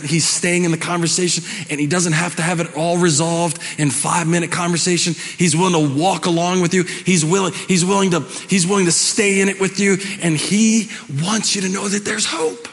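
A man preaching a sermon as pastor, telling stories dramatically and swinging between shouting and hushed, quiet lines. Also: sits high, steady tone, brisk, in a large hall. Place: church sanctuary.

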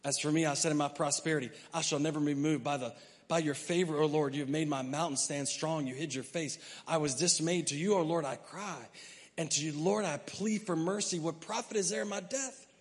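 High-voiced preaching man in a reverberant hall. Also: a little fast. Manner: swings from quiet asides to loud preaching; reads scripture aloud with emphasis. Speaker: pastor. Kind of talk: sermon.

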